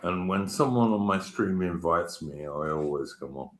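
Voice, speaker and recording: A man with a British English accent talks in a low voice that swings widely up and down. He is blunt and a bit sweary, recorded with a roomy echo. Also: moderate pace, a little hiss or hum. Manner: blunt, sweary, animated storytelling. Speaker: regular guest on a stream. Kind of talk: casual chat.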